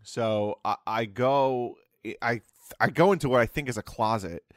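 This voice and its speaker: A man's voice: mid-range voice, unhurried, no room sound, studio quality. Rambling young man telling a story. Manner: rambling, self-interrupting storyteller. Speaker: podcast co-host. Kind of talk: casual storytelling chat.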